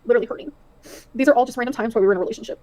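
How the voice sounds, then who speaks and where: Rapid-talking woman reading messages aloud. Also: fairly high pitch, a little mellow. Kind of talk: casual livestream talk. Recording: played from a livestream clip.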